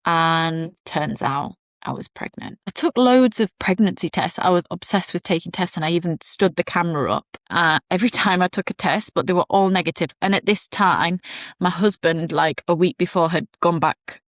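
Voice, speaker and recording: A woman's voice: lowish voice, normal speed, no room sound, studio quality. A young woman podcast host telling a personal story in a chatty, rambling way with asides.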